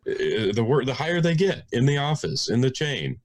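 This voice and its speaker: A man's voice: mid-range voice, big pitch swings, normal speed. A man co-hosting a casual podcast, blunt and profane in his opinions.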